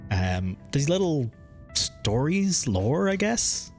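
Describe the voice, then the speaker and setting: A man's voice: a little high, sing-song, slow, a little mellow, soft background music. A man with a mild Irish accent, chatting casually and rambling while streaming a game, swearing freely. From Ireland. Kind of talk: casual live-stream chat while gaming.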